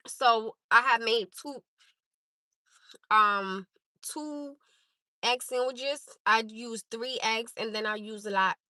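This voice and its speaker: This livestream host, a Newark native with the accent to match, chats casually and directly with viewers on her phone while parked. Her voice runs high with a sharp tone. The low-quality recording carries no echo.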